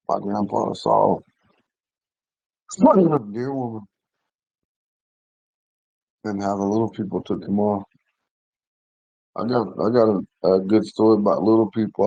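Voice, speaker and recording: A man in his forties, slightly hoarse, telling a long personal story in a casual, rambling way, often restarting and clearing his throat. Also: fairly low pitch, dark tone, no echo, lo-fi sound. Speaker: language class member telling a story.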